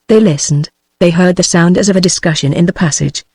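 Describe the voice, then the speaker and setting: A text-to-speech woman's voice with a British accent, reading a novel aloud in a steady, machine-even audiobook narration. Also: fairly low pitch, brisk, husky, no echo. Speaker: audiobook reader.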